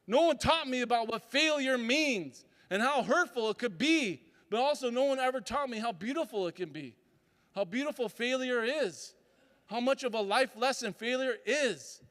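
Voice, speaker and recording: A man's voice: very high-pitched, expressive, moderate pace, a bit bright. A man giving a motivational talk as a summit speaker. He tells stories and acts out voices and sounds. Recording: reverberant hall.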